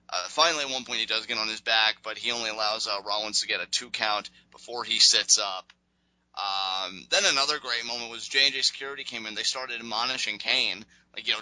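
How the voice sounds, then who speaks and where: A man with a strikingly bright voice hosts a casual podcast recap, rambling along with lots of fillers. He acts out other people's lines as he goes. The sound is dry and close. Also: mid-range voice, brisk, dry recording, poor audio. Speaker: podcast host recapping wrestling.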